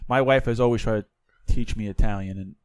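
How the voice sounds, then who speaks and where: Low-voiced joking podcast host man. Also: fairly quick, darkish tone, clear, resonant tone, no echo. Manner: jokey and blunt, swears casually. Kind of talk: casual chat.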